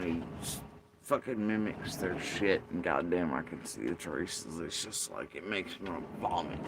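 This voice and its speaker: A man of ordinary pitch rants casually to the camera. He swears freely, circles back on his points, and sounds worked up. A faint noise runs under his voice. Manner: profane, rambling, heated. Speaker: vlogger. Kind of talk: casual unscripted rant.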